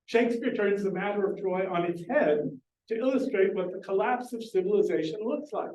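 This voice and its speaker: In a library meeting room, a Shakespeare lecturer gives a public talk on literature, explaining earnestly and questioning his listeners. His high, slightly mellow voice moves fairly quickly, captured by a distant mic in an echoey space.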